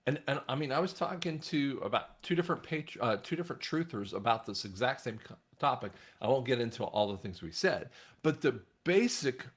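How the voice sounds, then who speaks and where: A man talking casually to his viewers in a rambling monologue, often restarting his sentences. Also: fairly quick. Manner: rambling, frequent restarts, animated swings in pitch. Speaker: online commentator.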